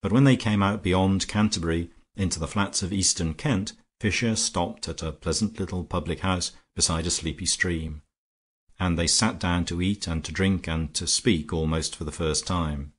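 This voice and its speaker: Low-voiced husky male audiobook narrator. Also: normal speed. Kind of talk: scripted narration.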